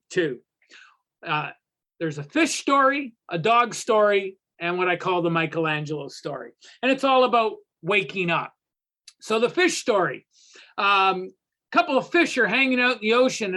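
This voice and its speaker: Bright-voiced man teaching over a video call. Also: high voice. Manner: animated storyteller, repeats phrases for emphasis. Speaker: recovery workshop facilitator. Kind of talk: teaching talk with spoken parables.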